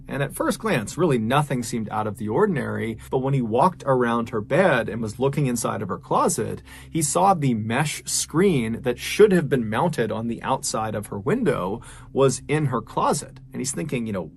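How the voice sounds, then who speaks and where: A man's voice: medium pitch, very animated, normal speed, creaky, hardly any pauses. A man telling a true-crime story in a casual, conversational way, with frequent filler phrases. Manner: casual, conversational, many "you know" fillers. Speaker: host and storyteller.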